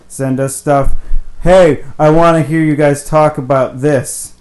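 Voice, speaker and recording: A man's voice: fairly high pitch, fairly even intonation, unhurried, a little mellow. Rambling, swearing podcast host, a man. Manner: rambling, swears freely, trails off. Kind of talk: casual banter.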